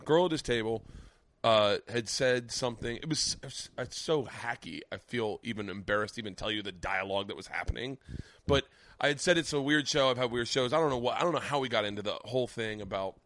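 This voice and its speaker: A man hosting a podcast, telling rowdy comedy stories in a profane, animated way with bursts of laughter. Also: medium pitch, a little fast. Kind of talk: casual storytelling chat.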